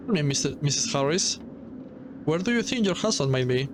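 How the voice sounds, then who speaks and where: Nosy, insinuating game investigator, read by a man in a fairly high voice; noisy track. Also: animated, a little fast, lightly acted. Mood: prying. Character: nosy male investigator, sly and prying. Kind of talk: reading game dialogue aloud.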